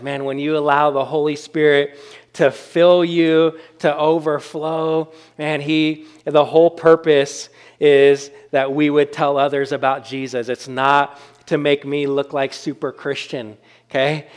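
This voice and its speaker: A man's voice: a little high, clean tone. A man preaching a sermon as pastor, in a conversational style with frequent fillers and check-ins with the congregation.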